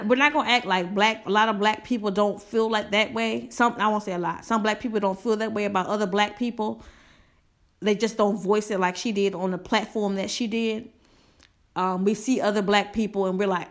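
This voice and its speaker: A woman hosts a casual commentary podcast in a sassy, emphatic way. She is chatty and candid, restarts her sentences often and drifts into asides as she thinks out loud. Her voice sits at an ordinary middle pitch for a woman. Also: normal speed. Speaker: podcast host.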